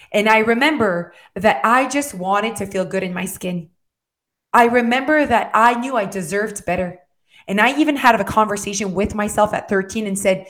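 A woman giving a heartfelt motivational talk on weight and wellness, speaking directly to the listener and checking in often, in a rambling, earnest way. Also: medium pitch. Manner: direct, coaching tone with frequent "okay?" and "right?" check-ins.

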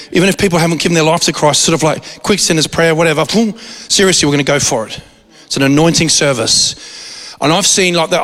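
A man preaching a sermon, telling a story in an animated way with frequent restarts. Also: on the high side. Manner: animated, restarts often, acts out quoted voices. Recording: long hall reverb.

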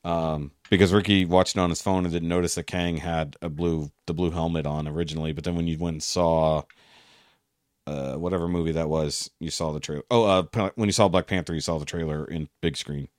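A man's voice: low voice, fairly even intonation, brisk, dry recording, studio quality. A man hosting a casual podcast, rambling through the wrap-up with fillers and restarts. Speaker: podcast host.

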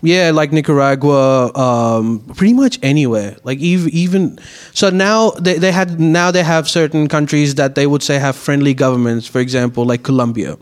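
A man's voice: fairly high pitch, moderate pace, hardly any pauses. A man on a comedy podcast, explaining things at length in casual chat with frequent restarts and fillers. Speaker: podcast co-host.

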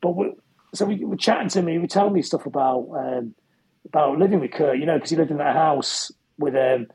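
A man's voice: on the high side, fairly quick, creaky, crowd noise, low-quality recording. A middle-aged man telling rambling anecdotes as an interview guest, chatty and full of restarts. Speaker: interview guest, musician and author. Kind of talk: casual storytelling interview.

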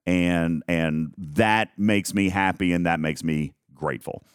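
Lowish guy hosting a stream, rambly and self-mocking, dry close sound. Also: unhurried, clear, resonant tone, dry recording. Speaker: host of a live game talk stream. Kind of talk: casual live-stream chat.

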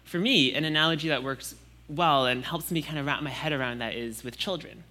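Young man, sermon, bright clear tone, casual chatty delivery, frequent fillers. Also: fairly high pitch, brisk. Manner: conversational, with frequent "like" and restarts. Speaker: preacher.

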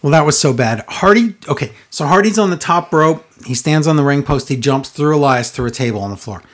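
A podcast co-host recapping a show in casual chat, sarcastic and exasperated, often slowing down to mock what was said. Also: medium pitch, expressive. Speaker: podcast co-host reviewing wrestling.

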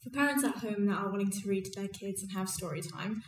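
A woman interviewer asking prepared questions in a measured, careful way. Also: medium pitch, slight background noise. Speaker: podcast interviewer. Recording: roomy, distant mic with faint ambience.

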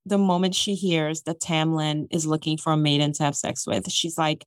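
A woman's voice: sits low, moderate pace, few pauses, no echo, studio quality. A woman co-hosting a casual chat, recapping a story with jokes and acting out the characters' lines. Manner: animated, jokey, acts out characters' lines. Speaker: podcast co-host recapping a book.

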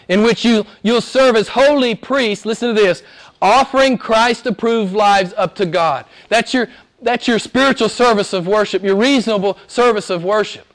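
A man with a fairly high voice delivers a sermon. He is emphatic, slowing down on key words and now and then sinking to a near-whisper. He keeps asking his listeners rhetorical questions. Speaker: preacher.

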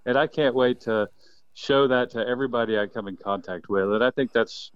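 A man in his fifties, a quail biologist, telling animated stories in a casual interview with plenty of laughs. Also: medium pitch, fairly quick, clear, resonant tone, no echo, highs cut off. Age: 50s. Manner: enthusiastic, animated storyteller who laughs often.

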